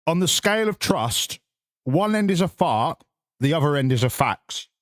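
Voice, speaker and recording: A man's voice: on the high side, big pitch swings, normal speed, no room sound, studio quality. Sweary man on a livestream. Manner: sweary, sarcastic, rambling, reads chat aloud. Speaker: streamer. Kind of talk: casual live-stream chat.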